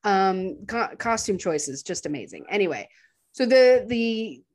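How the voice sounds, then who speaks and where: A woman's voice: medium pitch, sing-song, measured pace, darkish tone. A woman casually recapping a film on a podcast, acting out the characters' lines as she goes. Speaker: podcast co-host. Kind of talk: casual movie recap chat.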